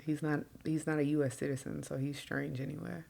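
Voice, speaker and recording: A woman's voice: low-pitched, flat delivery, fairly quick, vocal fry, dark tone, slight background noise. A woman co-hosting a podcast, speaking earnestly and carefully explaining and qualifying her points in casual chat. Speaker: podcast co-host.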